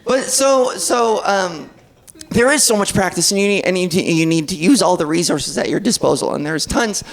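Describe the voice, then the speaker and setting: On a comedy club stage, a female stand-up comedian in her thirties delivers wry, self-deprecating material. She speaks at a normal speed in a lowish voice while the live audience laughs.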